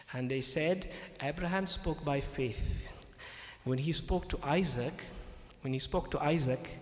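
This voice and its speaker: A man preaches a sermon in a fairly high voice, repeating his key lines for emphasis and pausing to check that his listeners follow. His voice rings around an echoey hall with a long, lingering reverb. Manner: emphatic, repetitive, checks in with "okay?".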